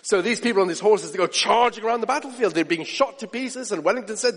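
A man preaching a sermon in an animated way, acting out the voices of people he quotes. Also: high voice, fast. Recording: long hall reverb.

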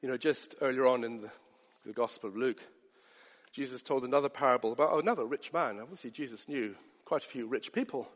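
A man preaching a sermon, earnest, moving from hushed asides up to rising emphatic peaks. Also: mid-range voice, a little fast, long reverb tail.

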